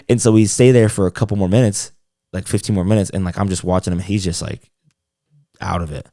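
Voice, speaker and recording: A young man in casual podcast chat tells a long story in a rambling, slangy way, swearing freely and leaning on fillers. His voice sits low and sounds warm and mellow. The recording is dry and close. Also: fast, gravelly, no echo. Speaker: podcast co-host.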